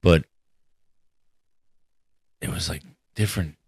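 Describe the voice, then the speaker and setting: A man's voice: deep voice, takes it slowly, creaky, darkish tone, slightly rough, dry recording. A man telling a profane, laid-back story in a casual podcast chat, often laughing. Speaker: podcast co-host.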